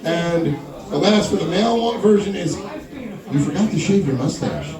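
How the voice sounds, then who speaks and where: A man's voice: sits high, expressive, normal speed. A young man doing a stand-up comedy set at a live venue, playfully bantering with audience members by name. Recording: echoey room, voice far from mic, crowd audible.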